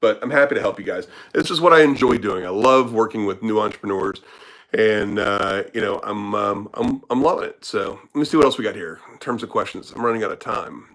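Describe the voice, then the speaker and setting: A man's voice: on the low side, fairly quick, fairly bright tone, low-quality recording. A man who works as a startup business consultant, answering questions in a casual live Q&A, blunt and profane with lots of filler words.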